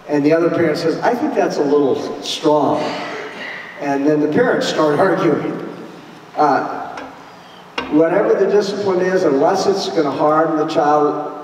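A man's voice: a little high, darkish tone, a little hiss or hum. A man speaking at a church conference, telling parenting stories with quoted dialogue in a plain, down-to-earth way. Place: church hall. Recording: echoey hall from far off.

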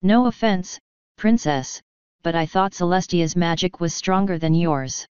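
A woman's voice: fairly low pitch, a little slow, a little mellow, clear, resonant tone, no room sound, close to an everyday voice. A woman voicing a practical, matter-of-fact young female unicorn with a wry edge. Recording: dull lo-fi dry recording.

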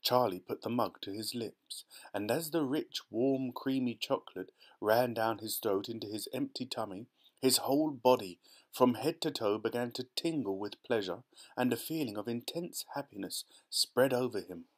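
A man narrating a children's storybook audiobook in a steady, expressive reading voice. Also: mid-range voice, moderate pace.

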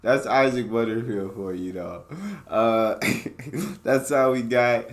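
A man's voice: mid-range voice, slow. A man hosting a reaction video, chatting casually and laid-back, laughing often.

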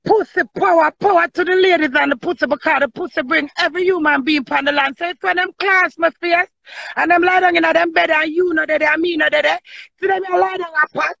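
A woman's voice: very high-pitched, steady tone, fairly quick, creaky, bright, forceful tone, dry recording. A woman with a Jamaican accent chatting casually on a live stream, blunt, brash and boastful, talking in patois. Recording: dull lo-fi sound.

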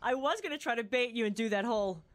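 A woman with a high, bright voice hosts a casual radio chat with a band. She giggles a lot and stumbles through her sentences with plenty of fillers and restarts. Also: animated. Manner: giggly, halting, many fillers. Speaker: radio show host.

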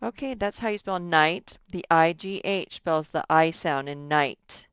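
Slow, patient woman teaching first graders. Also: deep voice, fairly bright tone, smooth, no echo, clean studio sound. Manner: slow, patient, sounds out letters and stretches words. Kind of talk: recorded lesson for young students.

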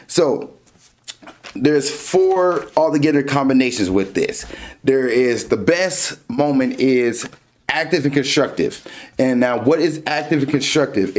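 A man hosting a dating podcast, casually explaining ideas through everyday examples. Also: medium pitch. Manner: explains through everyday examples, animated when acting out scenes.

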